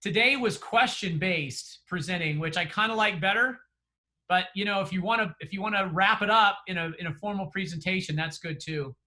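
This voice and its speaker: Bright high-voiced man, earnest trainer. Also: fairly quick. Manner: earnest, encouraging, with many fillers and restarts. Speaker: real estate trainer. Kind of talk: motivational closing remarks. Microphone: video call.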